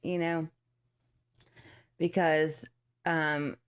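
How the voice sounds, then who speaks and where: A woman in her thirties talks casually to her viewers in a fairly low voice. She rambles with plenty of fillers and restarts, and she acts out the voices of the people in her story. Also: little pitch movement, very slow, a little hiss or hum. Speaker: vlogger.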